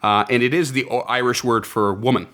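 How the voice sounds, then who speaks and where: A man's voice: mid-range voice, fairly even intonation, fairly quick, a bit bright. A man hosting a casual podcast, reading out folklore notes with enthusiasm and laughing often. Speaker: podcast host.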